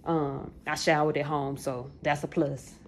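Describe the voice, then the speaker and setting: This is a woman in her late twenties talking casually to her viewers, full of folksy slang. Her voice sits low and has a gravelly, fry-heavy texture. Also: flat delivery, measured pace, a little hiss or hum. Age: late 20s. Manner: chatty, talks straight to viewers, folksy slang. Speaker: vlogger.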